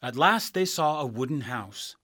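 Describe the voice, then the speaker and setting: A man reading a children's storybook aloud as narrator, slow, clear and expressive. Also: medium pitch, no room sound, studio quality.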